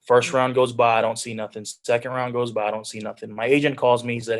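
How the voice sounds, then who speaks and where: This fast-talking pro footballer in his twenties barely pauses, and his medium-pitched voice moves very little in pitch. Joining a video call as a guest, he earnestly tells his life story, frequently slipping into quoted self-talk.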